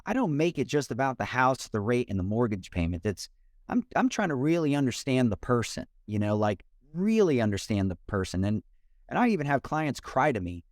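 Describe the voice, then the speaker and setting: A man, a mortgage loan officer and podcast guest, talking in an energetic, expressive way over a remote call. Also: mid-range voice, brisk, no room sound, studio quality. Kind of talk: casual interview talk.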